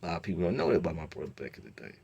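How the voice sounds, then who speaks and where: Animated man telling a story. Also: very fast, vocal fry, breathy edge, muffled recording. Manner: animated, swings between low mutter and loud outbursts. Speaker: storyteller host. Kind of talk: casual storytelling rant.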